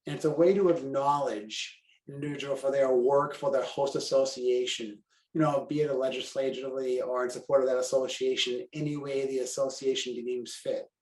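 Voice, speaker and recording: A man's voice: medium pitch, fairly even intonation, normal speed, a little mellow, distant mic. Chatty Boston man in a roomy room. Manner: chatty, self-deprecating, talks in run-on sentences with fillers. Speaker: carwash operator and convention co-chair. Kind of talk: casual podcast chat.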